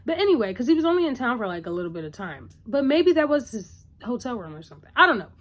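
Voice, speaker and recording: A woman casually recapping a TV episode in a chatty, animated way, acting out what the characters say. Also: a little high, fast talker. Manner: chatty, animated retelling with acted-out quotes. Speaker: TV recap vlogger.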